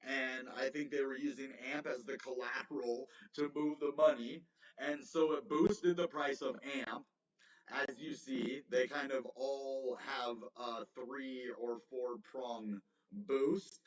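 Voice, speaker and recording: A man in a casual livestream, thinking out loud and tripping over his own words, laughing them off. His voice is mid-pitched and comes from some way off the mic. The room echoes, and the sound is slightly muffled. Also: steady tone, takes it slowly. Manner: rambling, self-correcting, chuckles often. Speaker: crypto livestream host. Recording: roomy, distant, slightly dull mic.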